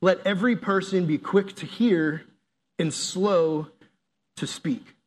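A high-voiced youth pastor takes his time through a casual sermon, animatedly telling jokey stories and laughing along the way.

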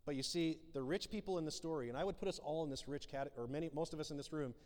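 A man's voice: on the high side, quick pace. A man preaching a sermon as pastor, acting out the dialogue in his illustrations. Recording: long hall reverb.

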